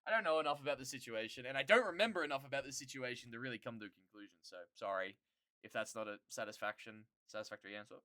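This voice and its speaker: A streamer chatting casually with viewers, rambling and swearing, quickly getting worked up and loud. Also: mid-range voice, dry recording, studio quality. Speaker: streamer answering chat.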